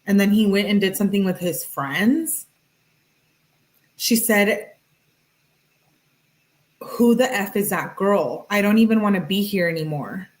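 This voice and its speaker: A woman reads text messages aloud in a casual, matter-of-fact way, tagging each one with "she says" or "he says." She breaks in with chatty asides between them. Her voice sits at a middling pitch. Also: measured pace, long pauses, low-quality recording. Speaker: true-crime channel host.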